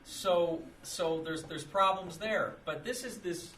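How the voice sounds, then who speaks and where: A man's voice: high voice, slow, a bit bright, slight background noise. Casual man giving a history lecture. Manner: casual, conversational, with repeated phrases and restarts. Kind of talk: informal classroom lecture.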